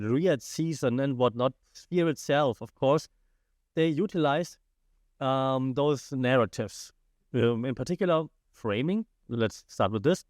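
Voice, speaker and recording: A man's voice: medium pitch, a little mellow, no room sound, studio quality. A man hosting a casual solo podcast, sick and talking around a cough drop in a chatty, playful, self-deprecating way. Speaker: podcast host.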